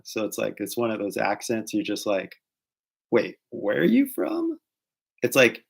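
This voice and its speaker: A man's voice: medium pitch, creaky. A man with a Californian accent talking casually and rambling, laughing often and switching into Japanese. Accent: Californian American. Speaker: English-teaching vlogger. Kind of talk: casual chat.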